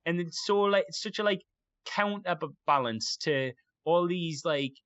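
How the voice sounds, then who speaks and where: A man's voice: on the high side, measured pace, fairly bright tone, clear, resonant tone, no echo. A young man chatting casually and enthusiastically, rambling with lots of fillers. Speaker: podcast guest. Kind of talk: casual chat.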